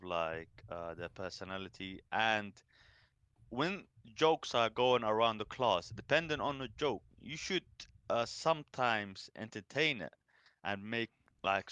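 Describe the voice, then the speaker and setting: A young man, giving his views calmly in a casual podcast chat. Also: on the low side, clean tone, no echo. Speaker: podcast co-host.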